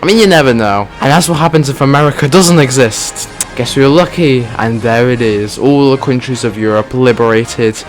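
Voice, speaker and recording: A man's voice: mid-range voice, moderate pace, hardly any pauses, faint music behind. A man giving casual, joking gameplay commentary in a slangy way, calling people "dude". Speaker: gaming video creator.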